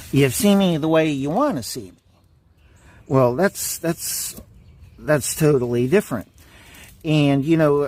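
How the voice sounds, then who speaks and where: A man's voice: medium pitch, a little mellow. A man delivering an angry, profane monologue straight to his viewers, full of insults and repeated points. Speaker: vlogger.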